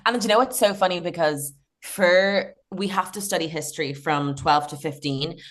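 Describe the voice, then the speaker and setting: A woman's voice: lowish voice, normal speed, fairly bright tone. A young Irish woman chatting and laughing through stories as a comedy podcast guest. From Ireland. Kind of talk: casual podcast chat.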